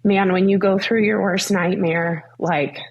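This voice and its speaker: Young woman with a gravelly husky voice. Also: medium pitch, fairly even intonation, unhurried, highs cut off. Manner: earnest, many fillers like "like" and "um". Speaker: guest. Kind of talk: faith interview, personal story.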